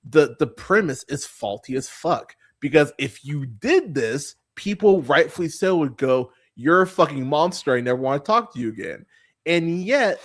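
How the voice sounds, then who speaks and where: A man hosting a movie podcast, ranting about a film in a casual, profane, exasperated way, often stumbling and repeating words. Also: fairly high pitch. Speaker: podcast host. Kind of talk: casual movie review rant.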